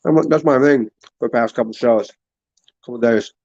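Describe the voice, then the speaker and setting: A man's voice: medium pitch, normal speed, darkish tone, lo-fi sound. A man chatting casually on a livestream, rambling and laughing while he eats and drinks. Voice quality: rambling, laughs often, talks with mouth full. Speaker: livestream host.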